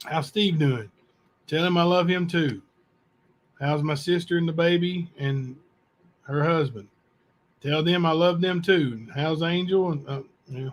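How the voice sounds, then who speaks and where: A man hosting a channel, reading letters aloud to viewers in a plain, unhurried way with asides. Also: fairly high pitch. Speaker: channel host.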